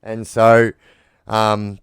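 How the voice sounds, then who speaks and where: A man's voice: lowish voice, monotone, drawn-out words, smooth, dry recording, studio quality. An Australian man in casual monologue, bluntly rambling about prison life and swearing freely. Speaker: former prisoner telling stories.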